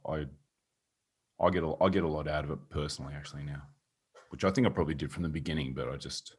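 Here a man co-hosts a podcast, weighing his thoughts aloud in a measured, slightly hesitant way. His voice is extremely deep and noticeably husky. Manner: measured, reflective, hesitant with fillers. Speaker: podcast co-host. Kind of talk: casual chat.

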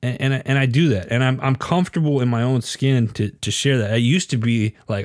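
A man's voice: medium pitch, a little fast, few pauses, a little mellow, no room sound, studio quality. A middle-aged man hosting a casual faith chat, talking in an earnest, confiding way and often repeating words as he thinks.

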